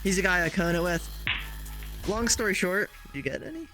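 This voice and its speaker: A man's voice: high-pitched, a little fast, music in the background. A man hosting a casual chat over a game, laid-back and swearing freely, talking through a headset mic. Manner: laid-back, swears a lot, laughs often. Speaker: host. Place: virtual reality game session.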